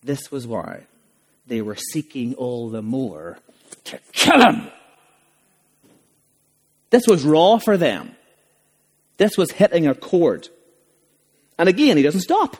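A man's voice: fairly high pitch, sing-song, a little slow. A man preaching a sermon as a pastor, emphatic and full of rhetorical questions. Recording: long reverb of a large hall.

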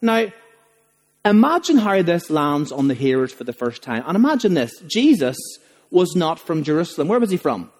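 Animated man preaching. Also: fairly high pitch, moderate pace. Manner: animated, emphatic preaching with rhetorical questions. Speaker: pastor. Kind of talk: sermon. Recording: long reverb of a large hall.

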